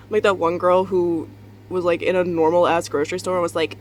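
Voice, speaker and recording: This young woman's voice is fairly low and flat, moving fairly quickly. Just up and still tired, she vlogs from her bedroom at home, rambling in a candid, confessional way and often swearing and laughing.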